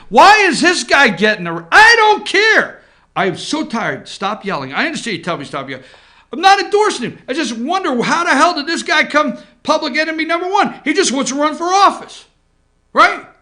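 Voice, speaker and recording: High-voiced sarcastic man ranting. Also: bright, forceful tone. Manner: sarcastic, indignant, swearing. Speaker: political talk show host. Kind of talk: ranting political commentary. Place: office.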